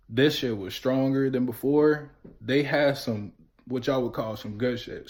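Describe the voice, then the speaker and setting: A young man vlogging, telling a story in a casual, slangy way and acting out the voices of friends. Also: mid-range voice. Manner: animated, slangy retelling with quoted voices.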